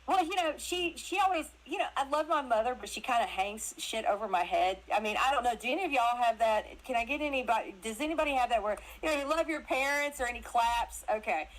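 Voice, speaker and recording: A woman guest telling casual stories in an animated way, laughing often and acting out other people's voices. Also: on the high side, fast, hardly any pauses, poor audio. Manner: animated, laughs often, acts out her mother's voice. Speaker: interview guest. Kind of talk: casual storytelling chat.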